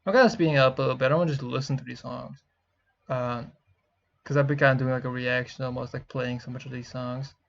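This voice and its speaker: A young man giving rambling, excitable music reaction commentary, swearing often and filling pauses with "uh" and "like". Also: medium pitch, creaky. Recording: dull lo-fi mic with faint music. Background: faint music playing.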